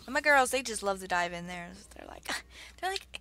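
A young woman giving excitable, gushing commentary while playing a video game, on a budget desktop mic. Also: mid-range voice, normal speed. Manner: excitable, gushing, lots of exclamations and laughs. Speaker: let's play host. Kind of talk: gaming commentary. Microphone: budget desktop mic with keyboard clicks. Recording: faint background noise, keyboard clicks.

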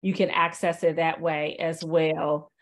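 In a webinar held over video call, a woman casually shows off software, her relaxed, chatty delivery packed with fillers. Her voice sits low, and her pace is measured.

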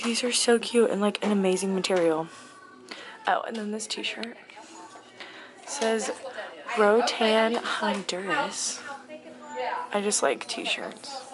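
A young woman in a casual shop-with-me vlog, chatty and excited, often dropping to a whisper, filmed on a handheld camera inside a thrift store. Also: mid-range voice. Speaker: vlogger. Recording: store noise in background.

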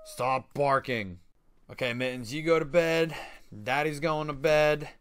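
A man giving casual let's-play commentary on a life-sim game, excitable and slangy, laughing often. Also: a little high, unhurried, smooth, no room sound, studio quality.

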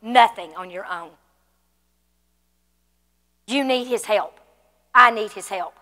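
A woman's voice: medium pitch, takes it slowly, bright, forceful tone, long reverb tail. A woman pastor teaching a church class in a conversational way, often asking the room questions. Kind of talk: sermon teaching. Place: church hall.

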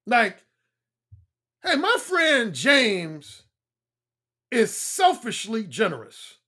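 A man in his fifties, a dating coach talking bluntly on a livestream, repeating his points and swinging between a high throaty tone and a deep resonant one. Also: wildly swooping pitch, drawn-out words, pushed and bright, slightly rough. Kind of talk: livestream talk.

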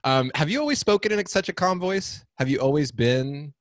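A man hosting a podcast interview, enthusiastic and emotional, reacting warmly and asking questions in an animated way. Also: on the high side, moderate pace, no room sound, studio quality. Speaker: podcast host.

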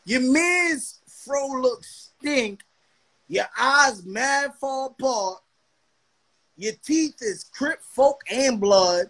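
High-voiced brash young man roasting. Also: lively intonation, drawn-out words, fairly bright tone. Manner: brash, mocking, swaggering. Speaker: livestream host. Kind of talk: trash-talking livestream roast.

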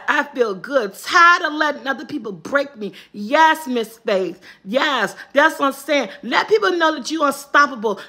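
High bright-voiced woman giving a pep talk. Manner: motivational, chatty, greets viewers by name; uses Southern US vernacular. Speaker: vlogger hosting a live morning check-in. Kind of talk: casual live-stream pep talk.

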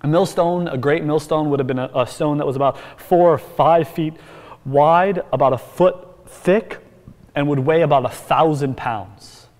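A male pastor preaching in a church sanctuary, his voice sitting a little higher than most men's. He delivers the sermon emphatically, dropping low and then rising to loud bursts, and a long reverb trails each phrase through the hall. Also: measured pace.

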